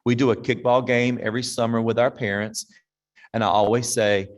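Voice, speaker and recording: A man in his 50s, a veteran teacher, gives a casual conference talk to fellow teachers and takes audience questions. His voice is medium-pitched and steady, a little fast, and his folksy, direct manner includes acting out parents and singing snippets. It's captured on an online presentation mic.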